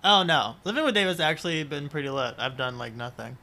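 A man's voice: a little high, animated, fairly quick, bright, forceful tone. A man co-hosting a podcast in casual chat, playful and giggly, reading ad copy with a mock flourish. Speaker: podcast co-host.

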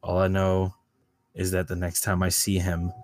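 A man voices his character in a tabletop game with a casual, halting delivery, often starting his sentences over. His voice is deep. The recording is dry and close. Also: monotone, a little mellow, no echo. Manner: hesitant, restarts phrases, casual. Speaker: player.

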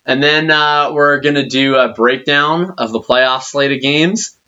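A man's voice: medium pitch, a little slow, pushed and bright. A young man co-hosting a podcast, teasing his friend in a mock-serious way. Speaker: podcast co-host. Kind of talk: casual chat. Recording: dull lo-fi recording.

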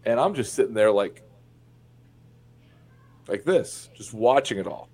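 A man's voice: lowish voice, lively intonation, a little slow, darkish tone, husky. A man from Indiana who is a podcast guest, telling personal stories in a candid, profane way, with many fillers and restarts. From Indiana, USA. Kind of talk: casual interview storytelling.

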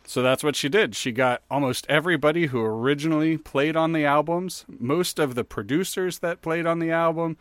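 A man's voice: on the high side, a little fast, hardly any pauses, no echo. Podcast co-host, male, rambling chatty storyteller, dry close mic. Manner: rambling, animated storyteller with many fillers. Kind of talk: casual chat.

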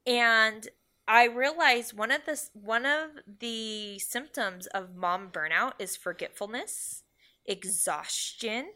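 A woman's voice: fairly high pitch, slow pace, sharp tone. A young adult woman co-hosting a podcast, talking in an earnest, reflective way that often trails off. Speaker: podcast co-host. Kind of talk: casual podcast chat.

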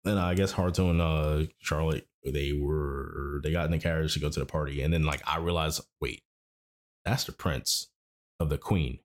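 A man's voice: rumbling low, fairly even intonation, normal speed. A man casually recapping an anime episode, rambling and correcting himself as he goes. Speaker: anime podcast host.

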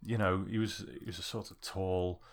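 A man's voice: deep voice, little pitch movement, normal speed. A man co-hosting a podcast, recapping a film plot casually and rambling with many fillers. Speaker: podcast co-host. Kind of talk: casual film review chat.

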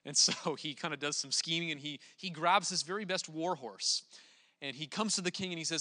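Young man, casual sermon, conversational, filler words, slightly high voice, bright tone. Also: a little fast, long reverb tail. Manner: relaxed, filler-heavy, conversational. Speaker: preacher.

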